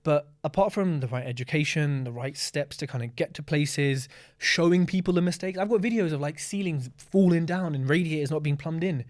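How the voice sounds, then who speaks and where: Blunt, animated man with a raised voice. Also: fairly high pitch, a little fast. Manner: blunt, candid, swears freely; animated storytelling with acted-out asides. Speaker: podcast guest, property investor. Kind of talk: casual interview talk.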